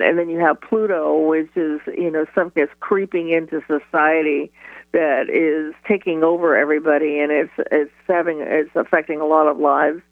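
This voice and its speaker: A woman astrologer, a guest on a radio interview by phone, chatty and quick to laugh, with many restarts. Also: low-pitched, dry recording. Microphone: telephone. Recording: tinny phone line.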